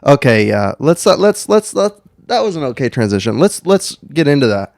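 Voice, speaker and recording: A man co-hosting a casual podcast, making crude jokes and quick asides. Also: mid-range voice, sing-song, vocal fry, a little mellow, dry recording, studio quality. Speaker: podcast co-host.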